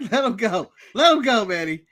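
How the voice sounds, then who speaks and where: Um homem dos Estados Unidos, co-apresentador de podcast, em conversa descontraída, animado e provocador, rindo com frequência. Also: male voice, high voice, measured pace. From United States. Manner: animated, teasing, laughs often. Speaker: podcast co-host. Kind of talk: casual chat.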